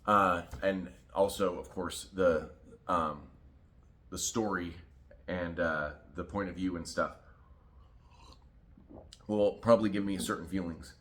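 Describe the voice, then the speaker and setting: A man's voice: sits low, steady tone, takes it slowly, long pauses, fairly bright tone. A man in a casual book vlog, talking loosely with many fillers and restarts. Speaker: book vlogger. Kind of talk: casual video chat.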